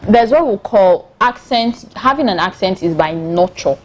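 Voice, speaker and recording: A woman's voice: medium pitch, lively intonation, unhurried, slight background noise. Opinionated Nigerian woman co-host. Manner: emphatic, opinionated, quotes people in voices. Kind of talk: studio panel discussion. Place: studio.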